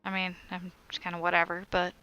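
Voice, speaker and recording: A woman's voice: on the low side, monotone, fast, bright, forceful tone, clean tone, muffled recording, faint music behind. A woman on a crochet live stream, chatting casually as she reads viewer comments aloud and answers them.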